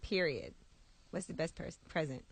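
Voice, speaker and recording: A woman's voice: deep voice, lively intonation, normal speed, slightly rough, no room sound. A woman hosting a casual talk show, asking direct, teasing questions. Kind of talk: casual interview chat.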